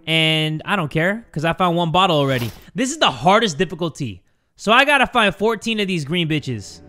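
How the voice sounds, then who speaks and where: A young man hosting a gaming channel, giving jokey, excitable horror gameplay commentary, swearing and yelling when startled. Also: on the high side, moderate pace, soft background music.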